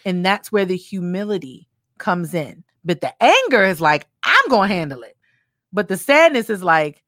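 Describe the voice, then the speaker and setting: A woman co-hosting a casual faith discussion, animated and acting out little voices, with many fillers. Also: medium pitch, moderate pace, no echo, studio quality.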